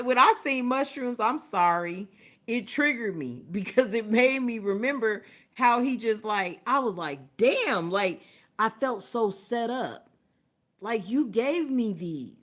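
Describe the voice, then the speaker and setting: A woman's voice: on the high side, a bit bright. A woman hosting a livestream, telling a story in casual, profane talk and laughing often. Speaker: livestream host. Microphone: phone or webcam, livestream.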